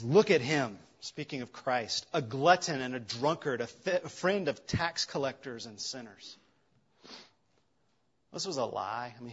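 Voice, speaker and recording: A man preaching a sermon in an earnest way, rising for emphasis and dropping soft for tender lines. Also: medium pitch, husky, dull audio.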